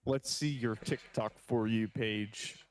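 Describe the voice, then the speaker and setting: A man's voice: on the low side, fairly even intonation, takes it slowly, a little hiss or hum. A young man on a live stream, teasing his friend nonstop and throwing in mock news announcements. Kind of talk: casual chat on a live stream.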